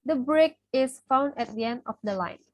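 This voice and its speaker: High-voiced young woman reading notes. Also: moderate pace, a little mellow, no echo, poor audio. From Indonesia. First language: Indonesian. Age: young adult. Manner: reads steadily from notes, listing terms. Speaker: student presenter. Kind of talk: reading a class presentation.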